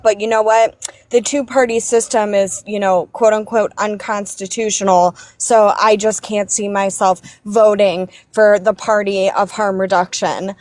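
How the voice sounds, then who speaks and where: A woman's voice: medium pitch, little pitch movement, a little slow, no echo. A woman calling into a live stream, speaking in an impassioned political rant, angry and shaken, repeating herself and restarting her sentences. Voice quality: emphatic, repeats herself, restarts when upset.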